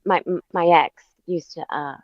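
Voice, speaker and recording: Female stream guest, mid pitch, deadpan and casual, slightly muffled dry audio. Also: unhurried, no room sound. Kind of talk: casual profane chat.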